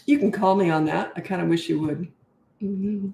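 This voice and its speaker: Middle-aged woman, parenting coach on a live Q&A, blunt and emphatic, mid-pitched, roomy echo. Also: steady tone, normal speed, a little mellow. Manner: blunt, emphatic, repeats herself for stress. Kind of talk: live-stream Q&A.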